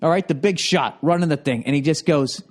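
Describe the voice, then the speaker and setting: A man's voice: fairly high pitch, a little fast. A man in his forties telling an exasperated, heavily profane comic story, his voice jumping up when riled. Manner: exasperated, swears constantly, voice jumps up when riled. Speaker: comedian.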